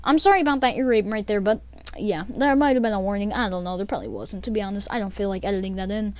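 A woman's voice: mid-range voice, animated, quick pace, no room sound. A young woman telling a casual storytime, rambling with many fillers and laughs. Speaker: vlogger.

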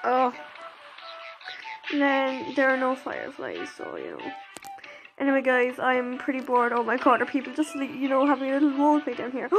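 A young woman chatting casually while she plays an online game, excitable, gasping and exclaiming as she reacts. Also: sits high, moderate pace, creaky, low-quality recording. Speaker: game player narrating gameplay. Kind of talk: casual gameplay commentary. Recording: game music playing behind. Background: game music.

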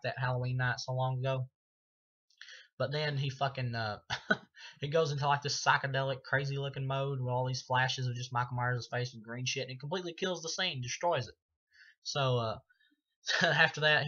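A man's voice: mid-range voice, pushed and bright. A man giving a casual spoken movie review, rambling and swearing with lots of filler words. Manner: rambling, profane, full of fillers. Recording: dull lo-fi recording.

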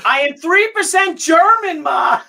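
A man hosts with an excited, teasing energy. He keeps stalling before each reveal. His voice has a sharp, bright edge. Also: extremely high pitch, measured pace. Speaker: host. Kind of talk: casual family chat.

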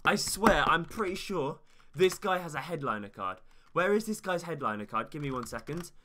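Young man, gaming YouTuber, casual, fast-talking, sharp bright tone. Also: on the high side, expressive, slight background noise. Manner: fast, chatty, hyped, talks straight to viewers.

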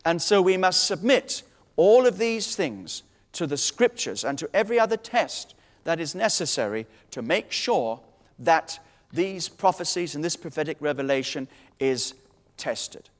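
Man, preacher, fairly high voice, authoritative, emphatic, long hall echo. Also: expressive, unhurried. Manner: emphatic, authoritative, quoting scripture. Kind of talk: sermon teaching.

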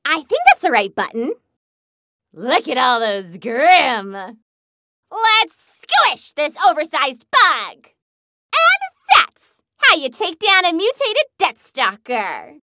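A woman's voice: high voice, huge pitch swings, slow, bright, forceful tone, dry recording, studio quality, exaggerated voice. A woman voicing a hyper, gleeful young huntress in a video game who loves smashing things, bubbly and bouncy. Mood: battle-hungry. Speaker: game character.

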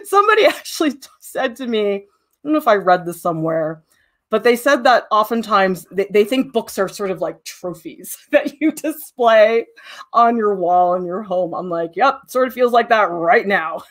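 A woman's voice: medium pitch, animated, normal speed. A middle-aged woman teaching a live drawing demo, chatty and self-deprecating, often laughing at herself. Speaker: art teacher.

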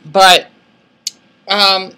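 A young American man in his late twenties with a squeaky, bright voice, speaking softly and hesitantly. He restarts sentences and fills pauses as he talks casually to his viewers. He is recorded through a laptop's built-in mic at home. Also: little pitch movement, clear, resonant tone. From United States. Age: late 20s. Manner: soft-spoken and hesitant, with many restarts and fillers. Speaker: vlogger. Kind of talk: casual vlog monologue.

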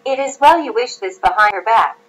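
A woman's voice: on the high side, animated, fairly quick, lightly acted, poor audio. A woman reading a dry, teasing young maid. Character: sharp-witted young maid disguised as a clerk. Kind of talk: audiobook reading.

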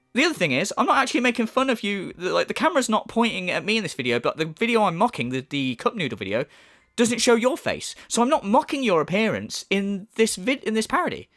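A man's voice: high-pitched, a bit bright. Sarcastic, swearing commentary guy. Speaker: commentary YouTuber. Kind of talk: ranting reaction commentary.

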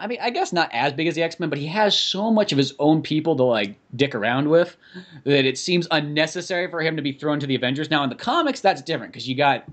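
Fast-talking man in casual podcast chat. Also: on the high side, fairly bright tone. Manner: rambling, swears freely. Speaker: podcast co-host.

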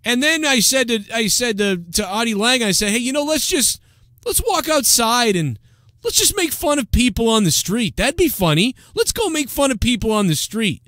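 A man's voice: very high-pitched, sing-song, normal speed, fairly bright tone, dry recording, studio quality, pitched above the performer's own voice, full character voice. A man doing a mocking impression of a rowdy, cocky, beer-drinking male radio host with crude bragging. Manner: brash, rowdy, laughing braggadocio.

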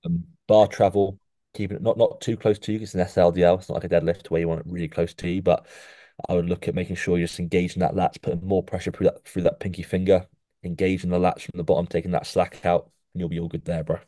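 Tiefe Stimme, Mann, der ständig „mate“ sagt. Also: male voice, sits low, fast talker, no room sound, studio quality. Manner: says "mate" constantly, animated coaching tone. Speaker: podcast co-host rating physiques. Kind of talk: casual chat. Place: podcast studio.

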